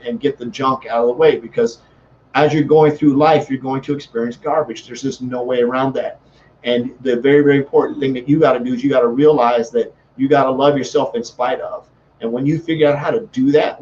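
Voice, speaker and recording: A man's voice: medium pitch, a little mellow, highs cut off, slight background noise. A man giving a motivational talk as a sales coach, fervent and repetitive, often restarting his sentences.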